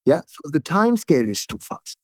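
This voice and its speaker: A neuroscientist guest speaking as an English speaker, explaining ideas in calm conversation and often checking in with "yeah?". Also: male voice, on the high side, no echo, clean studio sound. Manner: tag "yeah?" questions, frequent restarts, calm and deliberate.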